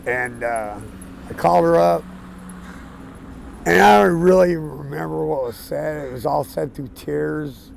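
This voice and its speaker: A man of around 60 telling his life story outdoors on a city street, plain-spoken and casual, with fillers and soft chuckles. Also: on the high side, a little slow, gravelly, a little hiss or hum, rough recording. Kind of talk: candid storytelling.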